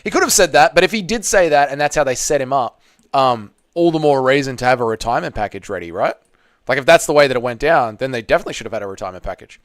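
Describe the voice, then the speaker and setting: A man hosting a live fight watch party, giving blunt, excitable casual commentary, swearing freely and reading chat. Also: mid-range voice, quick pace, no echo, studio quality.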